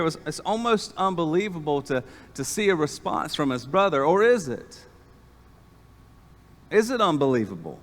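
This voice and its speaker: A man preaching an animated sermon as pastor, calling on the congregation to respond. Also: fairly high pitch, normal speed. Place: church sanctuary. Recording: long church reverb.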